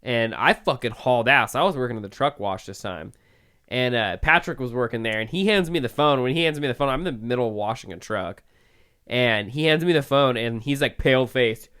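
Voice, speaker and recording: A man's voice: medium pitch, expressive, brisk, a bit bright, clear, resonant tone. A young man co-hosting a podcast, telling a story in a loose, profane, rambling way, full of "like" fillers. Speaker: podcast co-host. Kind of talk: casual storytelling chat.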